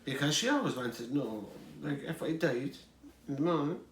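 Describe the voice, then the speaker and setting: A man's voice: fairly high pitch, sing-song, moderate pace, roomy sound. A middle-aged Irish man telling rambling family anecdotes as an interviewee, chuckling as he goes. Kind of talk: storytelling.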